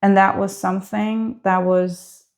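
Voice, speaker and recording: Slow, gravelly-voiced woman reading tarot. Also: mid-range voice, little pitch movement, darkish tone. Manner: hesitant, full of filler words. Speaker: tarot reader.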